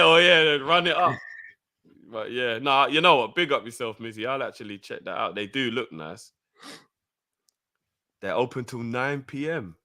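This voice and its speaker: A man co-hosting a live stream, joking around casually and reading out viewer comments. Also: on the high side. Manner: animated, jokey, streetwise slang.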